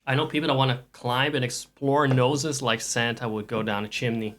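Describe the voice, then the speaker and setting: A man's voice: medium pitch, normal speed, few pauses. A man streaming live and chatting casually with viewers, rambling with dry jokes and frequent restarts.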